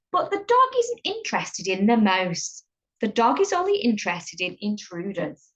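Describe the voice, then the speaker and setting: High lively lady reading a kids' story, slow and playful, asks questions, kinda muffled. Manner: chatty, asks the listener questions, giggles. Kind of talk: reading a picture book aloud to children. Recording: dull lo-fi recording.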